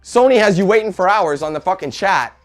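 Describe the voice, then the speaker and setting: A young man ranting angrily to camera as a gaming video creator, heated and swearing constantly, with loud outbursts. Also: high voice, animated, a little fast, soft background music. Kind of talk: angry rant to camera.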